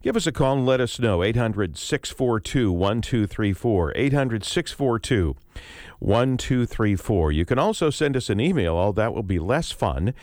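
Relaxed male radio talk show host. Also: on the low side, moderate pace, no echo. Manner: relaxed, conversational, with frequent "uh" fillers. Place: radio studio.

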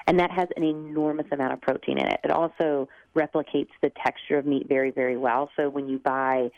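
A woman's voice: very deep voice, dry recording, lo-fi sound. A woman with a Southern US accent, chatting upbeat and laughing as a radio interview guest. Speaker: cookbook author and TV cook, radio guest.

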